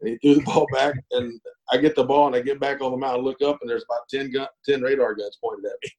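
A middle-aged man spins a long, folksy yarn as an interview guest. His voice is mellow and relaxed, in the middle of the male pitch range. He talks unhurriedly, with plenty of fillers and chuckles along the way. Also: quick pace, poor audio. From East Texas. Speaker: guest, former pro baseball pitcher. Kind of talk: casual storytelling interview.

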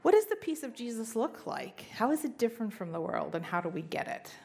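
A woman's voice: on the high side, sing-song, a little fast, creaky, darkish tone, a little hiss or hum. A middle-aged woman telling a personal faith story in an earnest storytelling manner, with emphatic rises. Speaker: speaker sharing testimony. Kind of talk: personal testimony talk.

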